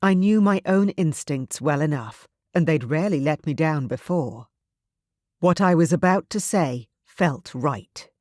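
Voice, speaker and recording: Audiobook narrator, measured, even delivery, mid pitch, dry close recording. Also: no room sound.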